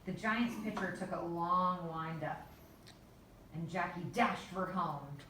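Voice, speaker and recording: A woman reading a children's story aloud in a measured, unhurried way. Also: lowish voice, pushed and bright, a little hiss or hum. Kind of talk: storybook narration. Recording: echoey room, voice from far off.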